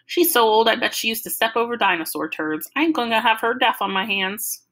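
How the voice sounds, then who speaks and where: A woman doing a cocky teenage boy, cool tough talk, bright voice, storybook reading. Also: fairly high pitch, fairly quick, voice pushed up. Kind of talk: reading a novel aloud.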